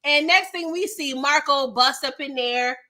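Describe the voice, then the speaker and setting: A woman's voice: high voice, unhurried, sharp tone. A young woman hosting a casual recap of a TV episode, chatty and slangy, reacting with exasperation. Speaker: TV recap host.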